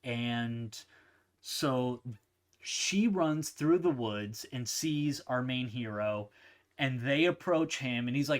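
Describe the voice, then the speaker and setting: A man's voice: medium pitch, takes it slowly. Chatty man recapping a kung fu movie. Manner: animated, laughs, acts out quotes in silly voices. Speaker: movie review host. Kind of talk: casual film recap.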